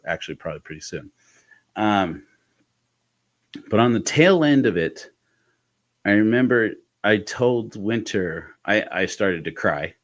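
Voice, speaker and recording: Low-voiced man telling a candid personal story. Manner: halting, with frequent restarts and soft laughs; candid, intimate. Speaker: host of a personal podcast talk.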